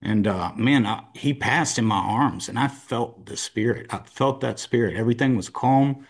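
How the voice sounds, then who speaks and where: A man sharing a personal recovery story, emotional and halting, with many restarts. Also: medium pitch, breathy edge. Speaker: meeting member sharing a story. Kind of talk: personal testimony.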